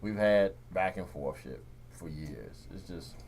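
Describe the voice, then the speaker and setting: A man's voice: low-pitched, animated, measured pace, darkish tone. A man hosting a radio talk show, chatting in a laid-back, rambling way with frequent restarts. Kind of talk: casual chat.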